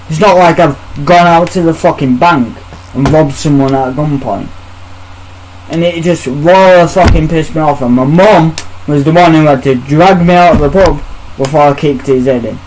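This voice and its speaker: A man's voice: fairly high pitch, a little mellow, a little hiss or hum, rough recording. A man on a podcast, telling a story in casual chat, bluntly and with heavy swearing while acting out the exchanges he quotes. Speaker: podcast host.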